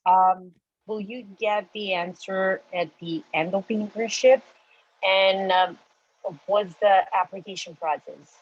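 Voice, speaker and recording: A woman's voice: medium pitch, steady tone, slow pace, dull audio. A woman graduate student politely asking a hesitant question in a Q&A. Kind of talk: audience question.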